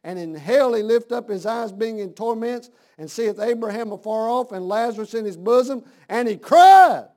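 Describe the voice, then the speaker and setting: A man preaching a sermon, dropping to a hush and then rising to shouts with slow, drawn-out emphasis. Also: sits high, expressive.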